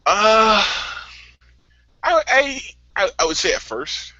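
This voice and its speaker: A man from the American Midwest chatting casually, with a lively, bright voice that rises and falls. He laughs often and stumbles over repeated words as he starts a thought. The sound is dry and dull. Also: high-pitched, takes it slowly, no room sound. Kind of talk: casual chat.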